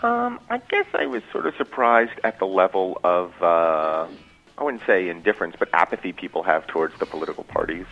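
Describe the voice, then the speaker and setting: A man's voice: deep voice, big pitch swings, fairly quick, vocal fry, highs cut off. A middle-aged man, a guest comedian on a casual radio interview, talking with a dry, teasing wit.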